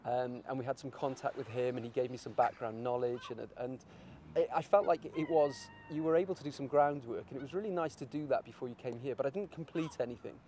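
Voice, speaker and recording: A man's voice: medium pitch, fast, dark tone, a little hiss or hum. A man artist talking in a casual interview, rambling and searching for his words.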